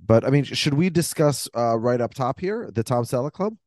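A man's voice: mid-range voice, expressive, a little fast, darkish tone, no room sound. A man hosting a casual podcast chat, thinking aloud and rambling between points. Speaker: podcast host.

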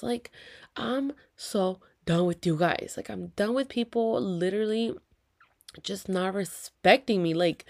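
A woman's voice: mid-range voice, a little slow, a little mellow. A woman, venting to viewers in a heated, profane story with whispered asides. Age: 30s. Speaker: vlogger.

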